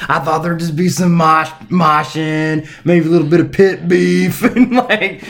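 A man's voice: fairly high pitch, steady tone, measured pace, vocal fry, fairly bright tone. A middle-aged man co-hosting a podcast, telling a story in casual chat, laughing often and swearing freely. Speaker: podcast co-host.

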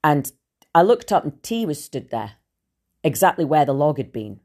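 A woman's voice: low voice, very animated, moderate pace, warm tone. A woman telling a personal story on her podcast, casual, blunt and full of swearing and fillers. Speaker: podcast host.

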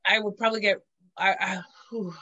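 A woman in casual chat, telling crude, animated stories and acting out what people said. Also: medium pitch, brisk, muffled recording. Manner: crude, animated storytelling with voiced quotes.

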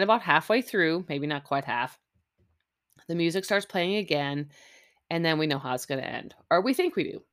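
A woman's voice: fairly low pitch, fairly bright tone. A middle-aged woman hosting a podcast, chatting casually and sarcastically with lots of fillers and asides. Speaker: podcast host recapping a reality show. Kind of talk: casual chat. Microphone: close mic, chewing audible.

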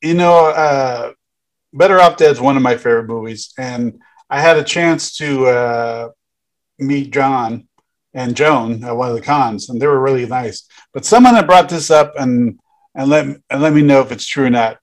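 A man's voice: mid-range voice, moderate pace. A man hosts a casual podcast interview over a video call. He asks long, rambling questions and fills the gaps with short backchannels. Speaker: podcast host.

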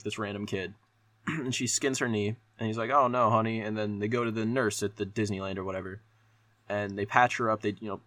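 A man's voice: lowish voice, a bit bright, no room sound. A young man hosting a casual solo podcast who reviews a movie in a rambling, profane way, full of fillers. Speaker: podcast host.

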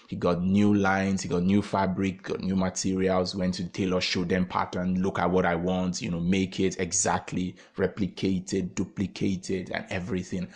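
A man telling a parable as a motivational talk, animated, with frequent fillers and laughs. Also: sits low. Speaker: storyteller.

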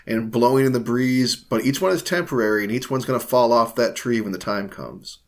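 A man's voice: medium pitch, a little fast. A man co-hosting a film podcast, talking in a reflective, questioning way about what a scene means. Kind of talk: casual film discussion.

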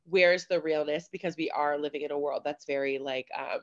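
Speaking briskly in a low, steady voice, this podcast co-host chats casually, scattering fillers and quoted asides throughout. The lo-fi audio comes across slightly dull.

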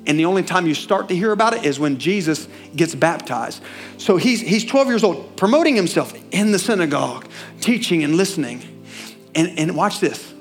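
A high-voiced male pastor with a Southern US accent preaching in church. He talks animatedly, throws questions at the congregation, and drops to a hush before rising again. Faint music plays behind him. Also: moderate pace. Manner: animated, asks the congregation questions, swings from loud to hushed. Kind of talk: sermon.

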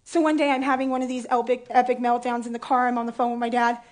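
A woman's voice: a little high, level tone, fast talker, darkish tone. A woman in her thirties preaching a sermon, candid and playful, telling a personal story with emotion.

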